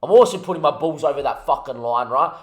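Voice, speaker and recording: A man's voice: on the high side, lively intonation, fast talker, roomy sound. A young man ranting about a football management game, swearing heavily as he commentates his gameplay. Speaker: gaming YouTuber.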